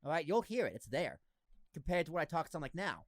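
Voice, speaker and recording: A young man with a faint Boston accent chats on his podcast, his voice riding high and swinging widely in pitch. The sound is dry and close, with no room around it. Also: fast, no room sound. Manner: animated, laughing, jumps between thoughts. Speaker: podcast host. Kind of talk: casual chat.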